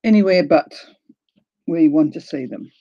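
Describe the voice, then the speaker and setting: Older New Zealand-accented woman, warm mellow tone, chatty livestream host, dull lo-fi audio. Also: sits low, animated, moderate pace, dry recording. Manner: chatty, greets viewers by name, laughs often. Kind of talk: casual livestream chat.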